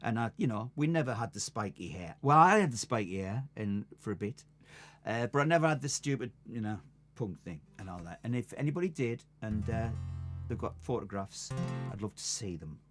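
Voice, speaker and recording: A man's voice: on the low side, expressive, fairly quick, faint music behind. An older man, a musician hosting a live stream, telling rambling stories between songs and laughing at them. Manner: chatty, rambling, laughs at his own stories. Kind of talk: casual storytelling between songs.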